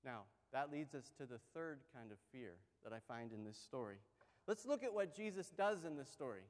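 A man's voice: mid-range voice, moderate pace. A man preaching a sermon as pastor, talking conversationally and acting out the story's voices with energy. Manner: conversational, animated storytelling with acted-out quotes. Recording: long hall reverb.

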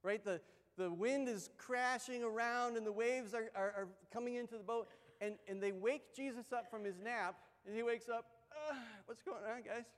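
A man's voice: extremely high pitch, moderate pace. A man preaching a sermon as pastor, talking conversationally and acting out the story's voices with energy. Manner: conversational, animated storytelling with acted-out quotes. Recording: long hall reverb.

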